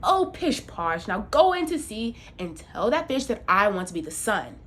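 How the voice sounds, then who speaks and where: A woman's voice: mid-range voice, very animated, normal speed, fairly bright tone. A woman doing a demanding, never-satisfied wife.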